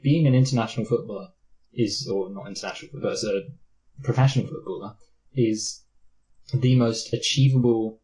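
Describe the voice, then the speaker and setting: A man's voice: mid-range voice, fairly quick, darkish tone, low-quality recording. A man with a Mancunian accent, co-hosting a casual movie review chat, rambling and self-mocking. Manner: rambling, self-mocking, slips into silly put-on voices. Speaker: podcast co-host.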